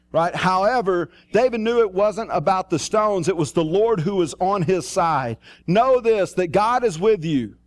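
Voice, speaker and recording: A middle-aged pastor with a high-pitched voice delivers a conversational sermon. He tells the story loosely and acts out the quoted voices as he goes.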